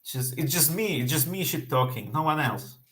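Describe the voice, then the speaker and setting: A man's voice: a little high, animated, normal speed, fairly bright tone. A man co-hosting a casual crypto chat, blunt and profane, often restarting his sentences. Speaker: co-host.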